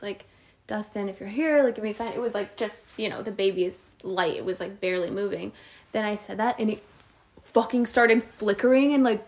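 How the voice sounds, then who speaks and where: A young woman co-hosting a casual podcast chat, telling a story with plenty of animation and a steady stream of "like"s. Her pitch sits right in the middle for a woman. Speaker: podcast co-host.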